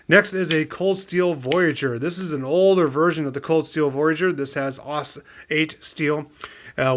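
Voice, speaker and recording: A man talks through his collection in a loose, easygoing show-and-tell manner. His voice sits a little higher than most men's, and he rambles, restarts sentences and wanders into asides as he goes. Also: fairly bright tone. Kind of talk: casual show-and-tell review.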